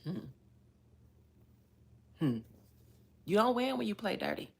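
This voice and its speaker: A woman psychic talking casually on a livestream, profane and animated, breaking into laughter often. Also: medium pitch, slow pace, vocal fry, breathy edge.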